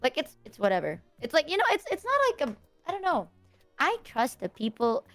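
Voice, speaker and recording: A woman's voice: high-pitched, very animated, brisk, a bit bright, faint music behind. A woman chatting casually, earnest and rambling as she explains herself. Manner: earnest, rambling, lots of fillers and quoting herself. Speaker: streamer. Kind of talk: casual chat.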